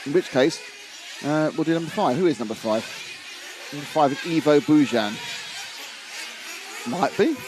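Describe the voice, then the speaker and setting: A man's voice: on the high side, expressive, moderate pace, pauses often. Chatty male race commentator, noisy track. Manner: chatty and wry, reading viewer comments aloud; stumbles over names and restarts. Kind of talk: live race commentary on a stream.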